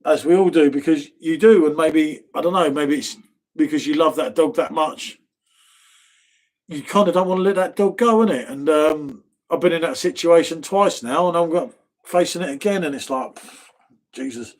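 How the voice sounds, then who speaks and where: On his casual live stream, a middle-aged English host with an accent from near London in the south chats easily and reads out what viewers write, saying "mate" again and again. His voice sits on the high side, a little mellow, at a moderate pace.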